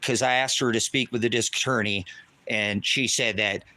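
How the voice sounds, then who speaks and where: A man's voice: on the low side, steady tone, normal speed, pushed and bright, no room sound. A man ranting angrily on a live stream outdoors, swearing heavily and repeating himself, recorded on a handheld phone. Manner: heavy swearing, repetitive and agitated. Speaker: livestreamer. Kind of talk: angry live-stream rant.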